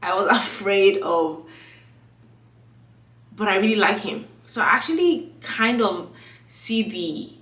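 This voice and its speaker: Here a young woman talks slowly with frequent pauses, her mid-range voice fairly bright despite a stuffy nose and a frog in her throat. It's a casual vlog chat, heavy on fillers, with quoted lines acted out. She's recorded from a distance in an echoey room.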